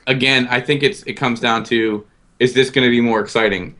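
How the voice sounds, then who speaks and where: A man's voice: mid-range voice, fairly even intonation, brisk, sharp tone. A man in his thirties in casual podcast chat, self-deprecating and rambling, often stammering and restarting his sentences. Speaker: guest co-host.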